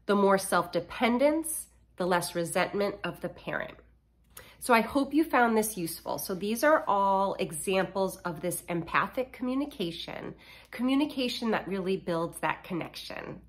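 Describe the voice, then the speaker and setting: A middle-aged woman hosting a podcast, reading numbered parenting principles aloud in a measured, deliberate way. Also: mid-range voice, animated. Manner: measured, reads lists deliberately. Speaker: podcast host.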